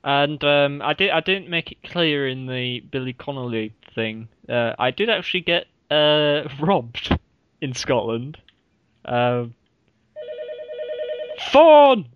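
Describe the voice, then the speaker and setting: A podcast co-host with a fairly high, smooth voice speaks unhurriedly in a casual chat, rambling through stories and giggling often. The recording is dull, dry and lo-fi.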